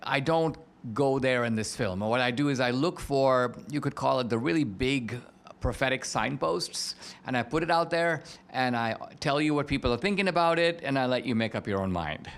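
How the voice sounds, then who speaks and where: A man who is a filmmaker and author, explaining things in a measured, cautious way as a podcast guest. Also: mid-range voice, fairly bright tone, clean tone. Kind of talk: interview talk.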